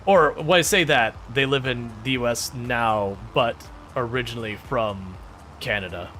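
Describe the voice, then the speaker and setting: A man's voice: mid-range voice, a little slow, sharp tone, faint music behind. A man chatting casually with his live-stream viewers while he plays a farming game, joking, laughing often and restarting his sentences. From Michigan, United States. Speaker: gaming streamer.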